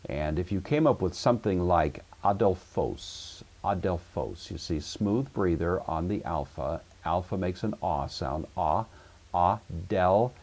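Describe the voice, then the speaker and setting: A man giving a recorded language-course lecture, explaining step by step in a measured way with frequent "uh" fillers. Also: sits low, a little mellow. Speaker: Greek teacher.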